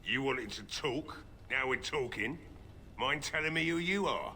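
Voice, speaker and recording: A gruff old drunk blacksmith. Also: male voice, mid-range voice, animated, unhurried, pushed and bright, full character voice. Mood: weary. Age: older. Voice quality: gruff, slurring from drink. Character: gruff grieving old male village blacksmith.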